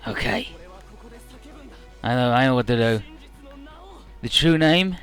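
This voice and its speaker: A man gives casual commentary on a video game, joking and rambling with frequent "uh" fillers. His voice sits at an ordinary middle pitch. Faint game music plays behind him. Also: animated, slow, fairly bright tone. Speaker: video game let's player.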